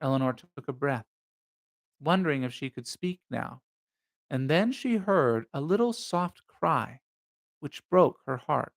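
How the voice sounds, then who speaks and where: A man's voice: on the high side, fairly bright tone. A man hosting a live reading of a novel, narrating steadily and then musing about the story in casual asides. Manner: measured narration, then musing unscripted commentary. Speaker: host reading a novel aloud.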